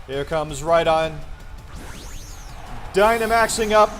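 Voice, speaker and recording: A man putting on the voice of an excited male sports announcer, giving dramatic mock play-by-play over a game. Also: slow. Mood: hyped. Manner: booming, dramatic play-by-play hype. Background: faint background music.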